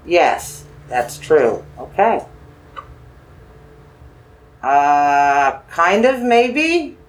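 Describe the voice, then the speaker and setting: Ghost-hunting host, soft coaxing questions, reassuring repeats, mid-pitched voice. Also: sing-song. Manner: gentle, coaxing, slow yes-or-no questions. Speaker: paranormal investigator. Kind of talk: questioning a spirit with dowsing rods.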